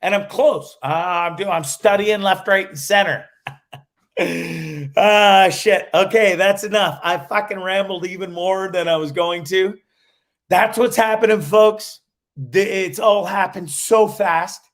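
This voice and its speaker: A man with a high voice chats on his livestream from a cottage while he is traveling. He rambles and swears as he tells stories, and he often breaks off and restarts his sentences. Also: a little slow, a bit bright. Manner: profane, rambling storyteller with many restarts. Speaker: livestream host.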